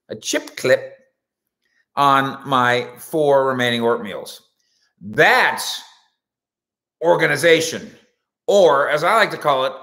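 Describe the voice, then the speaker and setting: Animated, bright-voiced male show host. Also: medium pitch. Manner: rambling, jokey storytelling with asides. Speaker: sports radio and web show host. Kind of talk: casual comedic monologue. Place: indoors at home.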